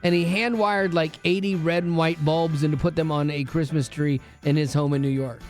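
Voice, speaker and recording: Playful male radio host, slightly high voice. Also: fairly even intonation, over music. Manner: playful, teasing, quick to laugh. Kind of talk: radio morning show banter.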